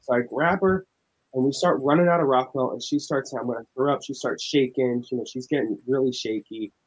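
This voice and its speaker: Young male paranormal investigator, husky voice, animated storyteller. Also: medium pitch, a little fast, rough recording. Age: young adult. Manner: animated, acts out dialogue in tense retelling. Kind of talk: casual storytelling.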